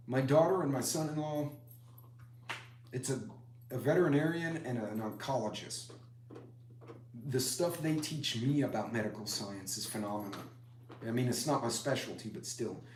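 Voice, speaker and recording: A middle-aged man hosts a casual preparedness live stream, rambling and chatty as he greets commenters. His voice is medium-pitched and darkish at a moderate pace, in an echoey room with slight background noise.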